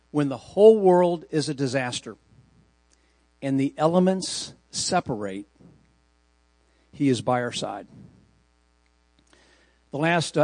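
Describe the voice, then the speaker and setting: A man's voice: fairly high pitch, darkish tone, no room sound. A male pastor preaching a sermon, reading scripture aloud and stressing key words with emphasis.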